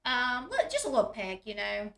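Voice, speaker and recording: A woman's voice: fairly high pitch, huge pitch swings, moderate pace, vocal fry, pushed and bright, reverberant. A woman, retelling reality TV scenes in a chatty, giggly way and acting out the quotes. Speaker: recap host. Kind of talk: casual reality TV recap.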